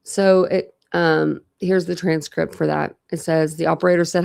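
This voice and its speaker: A woman's voice: low voice, fairly even intonation, moderate pace, vocal fry, hardly any pauses, darkish tone, clear, resonant tone. A woman hosting a true crime channel, chatting casually and thinking aloud as she reads out records. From Ohio. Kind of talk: casual case discussion, reading out records.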